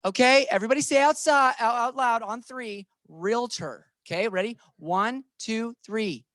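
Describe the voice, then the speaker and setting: A man's voice: extremely high pitch, moderate pace, a bit bright, no room sound, clean studio sound. A man leading a real estate training session, playful and emphatic, talking to the room and to viewers online.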